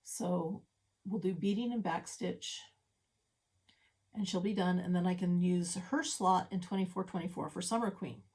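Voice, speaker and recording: A middle-aged stitching vlogger, slightly out of breath, presents her cross-stitch projects in her home craft room, chatting casually, making fun of herself, and wandering into asides. She speaks at normal speed in a lowish, darkish voice.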